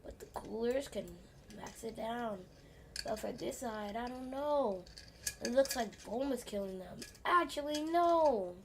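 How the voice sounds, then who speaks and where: A young woman gaming streamer giving excited live commentary on her game, swearing often and dropping to mutters. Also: a little high, a little slow, background noise. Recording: keyboard clicks and typing behind voice.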